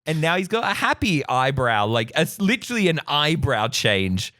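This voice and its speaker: A man with a soft Australian accent co-hosting a theme park podcast in casual, animated chat. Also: fairly high pitch, dry recording, clean studio sound. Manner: animated, laughs often, quick tangents. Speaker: podcast co-host.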